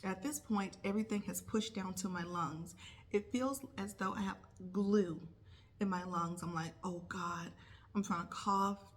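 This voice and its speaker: A woman's voice: medium pitch, measured pace. Chatty woman telling a story. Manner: chatty, acts out her own thoughts in quotes. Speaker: nurse vlogger. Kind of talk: casual storytelling vlog.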